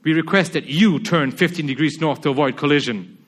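Preacher reading as a pompous navy captain. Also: male voice, fairly high pitch, brisk, natural voice. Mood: commanding. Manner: commanding, boastful, loud. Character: pompous American navy captain, adult man. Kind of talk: reading a story aloud in a sermon.

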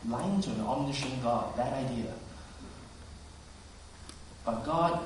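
Preacher in a booming echoey hall. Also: male voice, takes it slowly, pauses often, a little hiss or hum. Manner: earnest, swings between loud emphasis and soft hushed asides. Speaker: pastor. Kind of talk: sermon. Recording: very echoey hall, speaker far from mic.

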